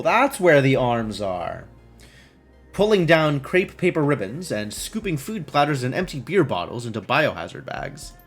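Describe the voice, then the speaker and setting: A man streaming a game, reading its text aloud and adding wry, musing asides. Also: a little high.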